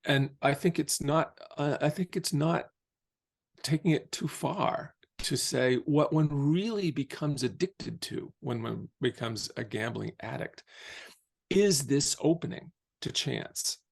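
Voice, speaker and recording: Thoughtful man with a gravelly voice. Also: on the high side. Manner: thoughtful, measured, slows down on key phrases. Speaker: philosophy professor, podcast guest. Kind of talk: reflective conversational explanation.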